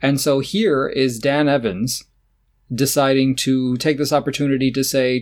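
A podcast co-host chats casually about tennis, opinionated and sarcastic, often laughing as he talks. His medium-pitched voice is steady and moderately paced.

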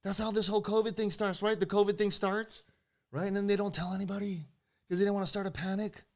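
A man's voice: high voice, little pitch movement, fast. A man co-hosting an online talk show in loose, joking chat, swearing freely and laughing often. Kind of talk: casual chat.

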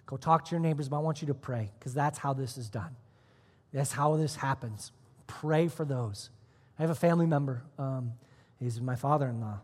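A man's voice: mid-range voice, normal speed. Preaching man in an echoing hall. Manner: swings from hushed near-whispers to loud, emphatic storytelling. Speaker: pastor. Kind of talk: sermon. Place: church auditorium.

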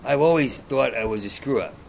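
This comedian guest speaks briskly in a mid-range, creaky voice with a darkish tone over faint background noise. His casual talk is rambling, profane and blunt. A stutter makes him repeat sounds.

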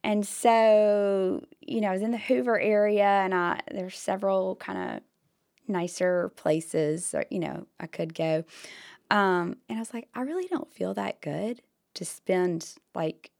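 A woman with a hoarse voice, co-hosting a podcast and telling a story in animated casual chat with whispered asides. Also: mid-range voice, a little slow. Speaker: podcast co-host.

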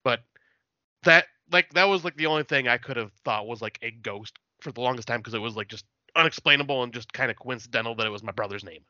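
Laid-back man telling stories, bright, dry and slightly muffled. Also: medium pitch, fast, dry recording. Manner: laid-back, swearing, laughing storyteller. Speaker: podcast guest. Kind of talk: casual podcast chat.

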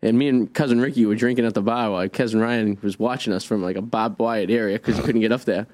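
Fast-talking teasing co-host, dry close sound, mid-range voice. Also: male voice, on the low side, steady tone, darkish tone, no echo. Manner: quick, teasing, storytelling. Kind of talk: casual radio banter.

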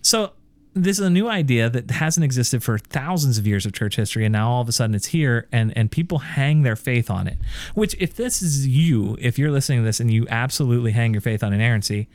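A man's voice: mid-range voice, lively intonation, brisk, no room sound. A man co-hosts a conversational podcast, leaning into each point. He argues emphatically, stacking rhetorical questions as he goes. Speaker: podcast co-host. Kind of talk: casual chat.

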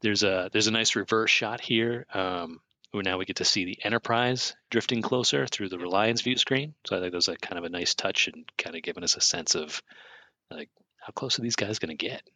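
Deep husky-voiced man chatting. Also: brisk, bright, forceful tone, no room sound. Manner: enthusiastic, theorizing, laughs often. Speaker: podcast co-host. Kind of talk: casual film commentary chat.

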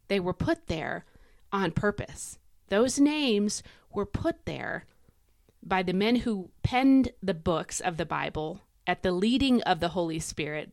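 A woman hosting a devotional podcast, chatty and emphatic, swinging her pitch up and down to stress words. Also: no room sound, studio quality. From United States. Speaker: podcast host.

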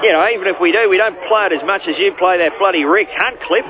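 Man voicing a blustering Aussie music-boss bloke, high nasal-sounding voice, rambling and dismissive, muffled phone-message sound, loud party racket behind. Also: fast talker, background noise, close to an everyday voice. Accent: Australian. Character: brash male radio music director phoning from a wild party. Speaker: comic character in phone messages.

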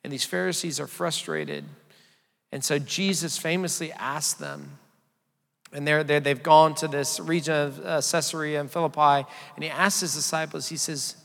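Guy preaching a sermon, kinda high voice, gravelly, chatty with the crowd. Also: normal speed, fairly bright tone. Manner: conversational, asks the congregation to call out answers. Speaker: pastor. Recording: long hall reverb.

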